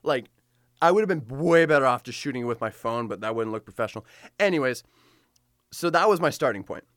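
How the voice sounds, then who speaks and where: A young man telling his own story in a casual, animated way, full of "like" and restarts. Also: medium pitch, a little fast, no echo, studio quality. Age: young adult.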